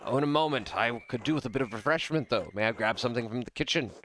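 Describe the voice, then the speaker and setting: Man putting on a gruff pompous baron. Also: mid-range voice, quick pace, fairly bright tone, a little hiss or hum, lightly acted. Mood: haughty. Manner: put-on gruff accent, pompous and genteel. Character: pompous male noble baron. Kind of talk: reading game dialogue aloud.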